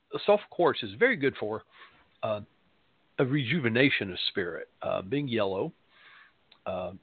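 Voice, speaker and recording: A man's voice: fairly low pitch, husky, dry recording. A middle-aged man with a Southern American accent, a pastor hosting a spiritual radio show, talking casually and rambling with many fillers and self-deprecating humor. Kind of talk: casual spoken radio monologue. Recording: dry, phone-like narrow sound.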